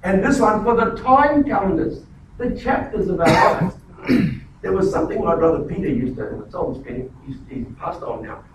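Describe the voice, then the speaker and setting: A man's voice: high-pitched, expressive, normal speed, heavy reverb, far from the mic, slight background noise, poor audio. A man preaching a sermon as a pastor in a church, emphatic, often repeating words and restarting phrases.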